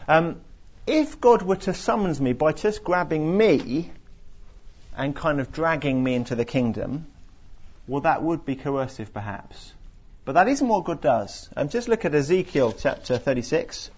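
A man teaches a group from the Bible, earnest and explanatory, stumbling through restarts and fillers. His voice is husky, and the recording sounds dull and lo-fi. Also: on the high side, animated, measured pace, a little mellow.

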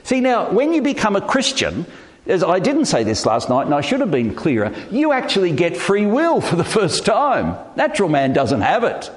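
A middle-aged man, preaching a sermon in an animated, emphatic way with self-deprecating humour. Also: sits high, normal speed. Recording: reverberant hall.

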